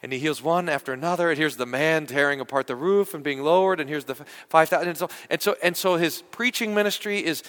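A male pastor preaching in a lively, conversational way, circling back and repeating words as he thinks aloud. His voice sits a little high and sounds bright and forceful. A long reverb from the church space trails after each phrase. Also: fast talker, few pauses. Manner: conversational, animated, many restarts and repeated words. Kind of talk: sermon.

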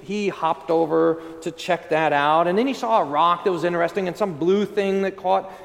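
A man's voice: high voice, moderate pace, creaky, in a large hall. A man preaching as a pastor in a church, telling a story with animation and speaking earnestly. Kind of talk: sermon.

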